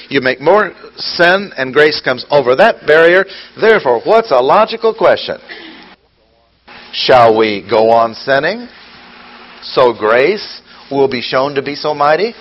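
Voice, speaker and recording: Man, sermon, emphatic, rhetorical questions, lively intonation, dull lo-fi sound. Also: a little high, measured pace. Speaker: preacher. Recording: dull lo-fi recording with faint ambience.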